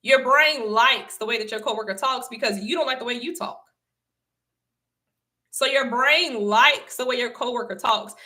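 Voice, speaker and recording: A young adult woman from the Southern United States hosts a casual livestream, her voice on the high side, bright and forceful at a normal speed. She talks to her viewers with emphatic repetition and laughs often.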